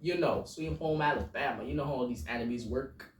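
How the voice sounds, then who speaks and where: A woman's voice: very deep voice, fairly quick, far from the mic. Crude stammering woman podcaster. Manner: crude, stammering, laughs at own jokes. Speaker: podcast host. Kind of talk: casual joke commentary. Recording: echoey room, voice away from the mic.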